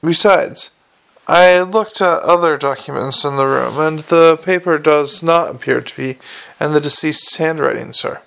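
A prim, pious young constable, as a male reader puts him on, earnest and faintly reproachful. His voice sits a little high, with a gravelly creak running through it. He sounds like a storybook character who preaches politely. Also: normal speed, a bit bright. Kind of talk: audiobook character reading.

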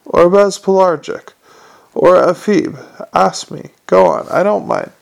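A man's voice: sits high, unhurried, vocal fry, heavily acted. A man voicing an eager, anxious little male imp that fumbles and apologizes as it talks.

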